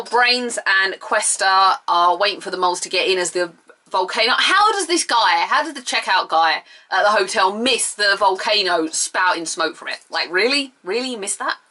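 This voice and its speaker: A young woman talks through a TV episode in a chatty, animated way. Her voice is bright and clear at a middle pitch. She tosses in sarcastic asides and bursts of mock outrage. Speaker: TV episode reviewer. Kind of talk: casual video review.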